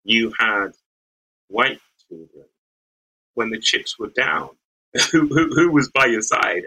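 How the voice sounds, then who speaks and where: A man's voice: mid-range voice, expressive, slow, long pauses, bright, forceful tone, husky, rough recording. A middle-aged man from the West Midlands, a lawyer, recalling his youth in a thoughtful, searching interview manner. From English West Midlands. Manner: thoughtful, searching, with frequent restarts and light laughs. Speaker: lawyer and podcast guest. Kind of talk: reflective interview storytelling.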